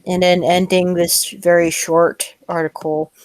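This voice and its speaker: A young woman hosting a casual podcast chat, reading an article aloud in a halting, filler-heavy way with blunt, dismissive remarks. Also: fairly low pitch, flat delivery, a little mellow, a little hiss or hum. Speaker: podcast host.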